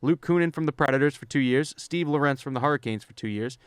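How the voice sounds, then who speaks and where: A man co-hosting a sports podcast, briskly reading through lists of stats and signings and then chatting casually. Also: medium pitch, smooth, no echo, studio quality. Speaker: podcast co-host.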